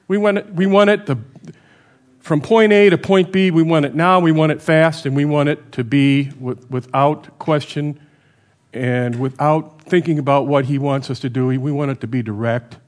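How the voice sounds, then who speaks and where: A middle-aged man giving a sermon in a conversational way, often checking with the listeners by asking "right?" and rising and dropping in loudness for emphasis. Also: on the high side. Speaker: preacher.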